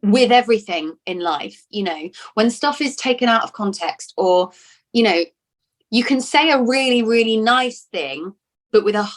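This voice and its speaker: A woman's voice: a little high, expressive, normal speed. A woman from Lincoln in England, an actress talking in a casual interview, chatty and full of restarts and repeated words. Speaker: actor being interviewed.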